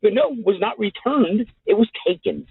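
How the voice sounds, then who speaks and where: Host, male; high, swooping delivery; husky; thin phone-like audio. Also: normal speed, no room sound. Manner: animated, profane, acts out the people in his stories. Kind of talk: casual storytelling. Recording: tinny phone-like sound, dry.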